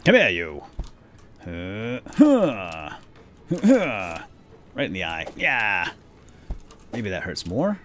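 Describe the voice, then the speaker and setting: A low-voiced man narrates his video game battle, his voice swinging widely between low mutters and high, excited yelps. Gunfire and game sounds clatter clearly behind him. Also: very slow, long pauses, a little hiss or hum. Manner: excitable, exclaiming. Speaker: let's play host. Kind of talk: gameplay commentary.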